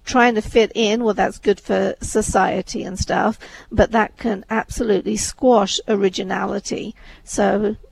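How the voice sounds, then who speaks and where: A woman's voice: medium pitch, steady tone, a little slow, vocal fry, low-quality recording. A woman, chatting thoughtfully in a discussion, with many "you know"s. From England. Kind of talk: casual discussion.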